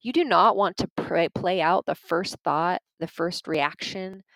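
At a measured pace and with a voice on the low side, a woman gives an earnest, conversational talk about parenting and emotions, telling stories and speaking straight to "you guys." The low-quality recording has no room sound.

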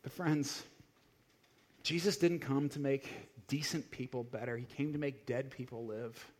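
A man's voice: mid-range voice, fairly even intonation, unhurried. A male pastor giving a sermon in an emphatic style, full of searching rhetorical questions.

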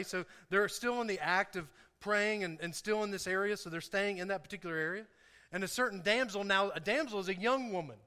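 In an echoey church sanctuary, a pastor delivers a sermon in a high, pushed, bright voice. He banters with his congregation in a playful, chatty way, laughing a lot.

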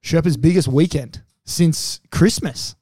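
Male podcast host, fairly high voice, dry close sound, teasing, swears freely. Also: unhurried, dark tone, husky, no room sound. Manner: swears a lot, teasing, lots of repeats. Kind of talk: casual banter.

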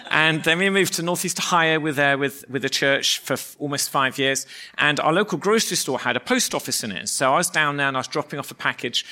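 A man's voice: mid-range voice, pushed and bright. A man, preaching a sermon in a conversational, storytelling way with touches of humour. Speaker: pastor.

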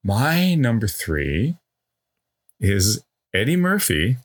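A man's voice: mid-range voice, very animated, slow pace. A man co-hosting a casual film podcast, emphatic as he makes his picks. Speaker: podcast co-host.

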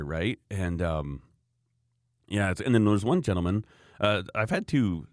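A man's voice: on the low side, lively intonation, measured pace, a little mellow, no echo, studio quality. A man in casual podcast chat, telling rambling anecdotes about his customers and acting out what they said. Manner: rambling storyteller, acts out quoted customers. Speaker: podcast co-host, knife maker.

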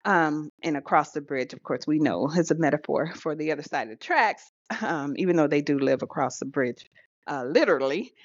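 A woman's voice: low voice, brisk, no echo. A woman co-hosting a podcast in casual chat, chatty and laughing often, with hesitant fillers. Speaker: podcast co-host. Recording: dull lo-fi recording.

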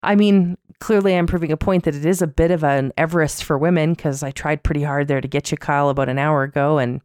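A woman's voice: sits low, steady tone, quick pace, a little mellow, clean tone, no echo, clean studio sound. A woman in her thirties co-hosting a casual podcast, chatty and playfully teasing. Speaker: podcast co-host.

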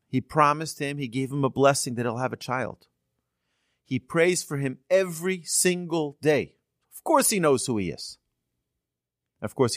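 Here a rabbi with a mid-range voice preaches through storytelling, earnest and lively, his voice climbing to underline key moments. The sound is studio quality, with no room sound.

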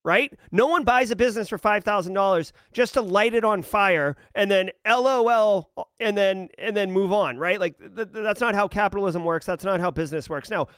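A man's voice: high-pitched, moderate pace, hardly any pauses, fairly bright tone, clean tone, no room sound, clean studio sound. A man hosting a tech news show, ranting emphatically and sarcastically about a data breach and business decisions.

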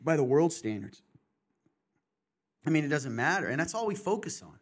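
A man's voice: on the high side, very animated, normal speed, husky. A middle-aged man hosting a podcast, talking candidly and passionately in casual chat, in bursts and restarts. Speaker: podcast host.

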